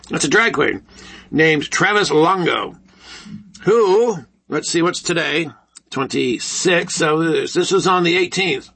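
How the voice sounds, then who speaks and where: Gravelly high-voiced ranting male host. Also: slow pace, pauses often. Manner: animated, sarcastic, ranting. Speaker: talk show host. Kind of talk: solo ranting commentary. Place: broadcast studio, alone.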